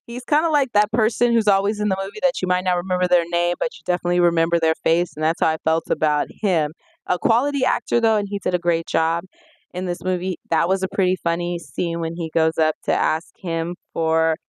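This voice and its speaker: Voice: medium pitch, fairly quick, clean tone, no echo. A movie reviewer talking in a casual, conversational way and recapping scenes from the film. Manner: conversational, retells scenes with lively acted-out quotes.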